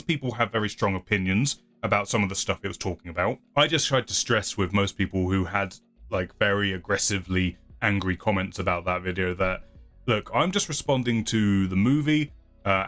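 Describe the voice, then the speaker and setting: A man with a fairly low voice hosts his channel and talks casually through viewer comments. He rambles and hedges and often laughs at himself. Faint music plays underneath. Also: animated, moderate pace, fairly bright tone. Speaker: channel host.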